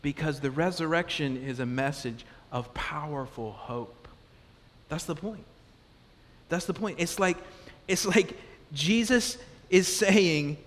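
A man preaching a sermon as pastor, conversational and animated, asking the congregation question after question. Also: a little high, slow. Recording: long reverb of a large hall.

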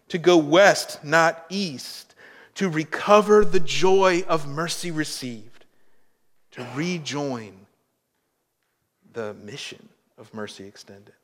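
A man preaching a sermon as a pastor, slow and emphatic, swelling in volume on key points. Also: a little high, a bit bright, long reverb tail.

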